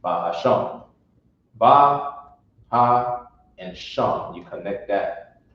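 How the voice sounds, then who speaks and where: A man with a lowish voice teaches a class at an unhurried pace, breaking words into syllables and speaking bluntly and informally. He is recorded from across a very echoey room on dull, lo-fi audio. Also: far from the mic. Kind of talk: classroom lesson on pronunciation.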